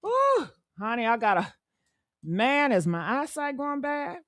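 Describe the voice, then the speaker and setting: Sassy woman with going off on her live, high bright voice, dry sound. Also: wildly swooping pitch, measured pace, dry recording. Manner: fired-up, sassy, calls viewers honey and baby. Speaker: live stream host. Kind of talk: ranting live stream commentary.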